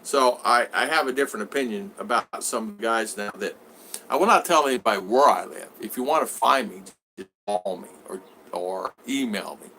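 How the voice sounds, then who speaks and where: A man's voice: moderate pace, slight background noise. A man chatting on a live stream, answering viewers and acting out conversations as he rambles. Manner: animated, acts out both sides of conversations in a higher voice. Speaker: vlogger answering live chat.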